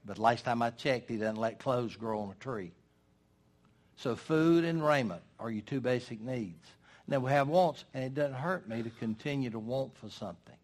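An older man preaching a sermon in a folksy, emphatic way, with dramatic pauses. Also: mid-range voice.

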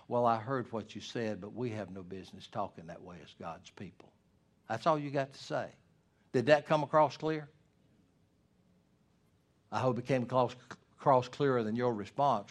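Preacher, loud then hushed. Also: male voice, mid-range voice. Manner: preacherly, shifts from loud emphasis to hushed asides. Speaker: pastor. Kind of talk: sermon.

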